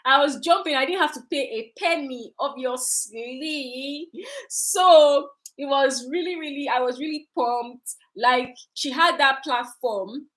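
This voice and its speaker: A young woman, a candle maker, telling a story to her viewers in a casual, animated way, repeating phrases for emphasis. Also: high-pitched, slow pace, poor audio. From Nigeria.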